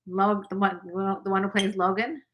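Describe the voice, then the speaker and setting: A woman's voice: mid-range voice, level tone, moderate pace, muffled recording. A woman co-hosting a casual livestream chat from the American South, greeting viewers by name as she talks. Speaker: livestream co-host.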